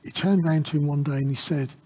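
A man giving an informal Bible reflection in an earnest, halting way. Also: on the high side, steady tone, dark tone, big-room sound.

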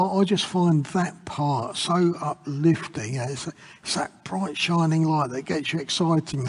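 A man giving an informal Bible reflection in an earnest, halting way. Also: a little high, darkish tone, husky, big-room sound.

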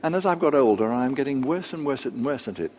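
An older man preaching a sermon, measured and unhurried, with pauses and asides. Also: mid-range voice, expressive, a little mellow. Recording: long reverb of a large hall.

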